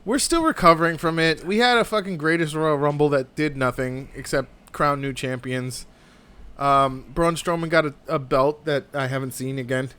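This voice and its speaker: A man co-hosting a casual wrestling podcast, profane and quick to laugh. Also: fairly high pitch, clean tone. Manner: profane, laughs a lot, animated. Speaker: podcast co-host.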